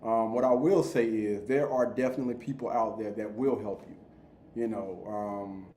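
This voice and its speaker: A man hosts a casual reaction podcast. He talks loose and slangy, doubling back on his words. His voice is mellow, and his room echoes around him. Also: fairly low pitch, fairly even intonation, moderate pace, a little hiss or hum. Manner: laid-back, slangy, repeats himself. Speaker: podcast host reacting to videos. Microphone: streaming mic.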